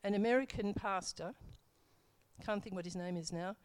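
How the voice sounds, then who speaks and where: A woman's voice: mid-range voice, moderate pace, clean tone. A middle-aged woman telling her church testimony in a casual, rambling way, full of fillers and self-corrections.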